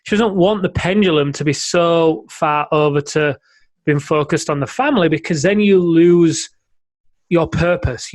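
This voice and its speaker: A man co-hosting a podcast and coaching men, explaining ideas in a conversational way, often checking in with "right?". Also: fairly high pitch. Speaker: podcast co-host, men's coach.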